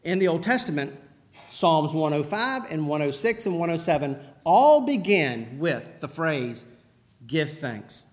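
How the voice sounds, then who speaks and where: A man with a high voice preaches in an easy, conversational way. He tells stories and asks questions of his listeners, warming up to his message. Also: big pitch swings, unhurried. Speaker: pastor. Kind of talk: sermon.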